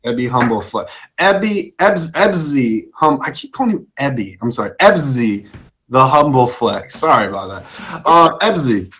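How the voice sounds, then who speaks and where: A man's voice: medium pitch, big pitch swings, moderate pace, fairly bright tone. A young man hosting a casual live-stream talk show, jokey and self-deprecating, stumbling over words as his voice cracks.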